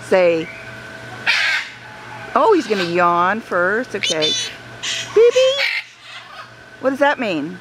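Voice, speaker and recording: A woman's voice: mid-range voice, lively intonation, slow pace, long pauses. A woman coaxing a pet bird in sing-song baby talk, recorded outdoors on a handheld camera. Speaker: visitor talking to a parrot. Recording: loud outdoor background noise.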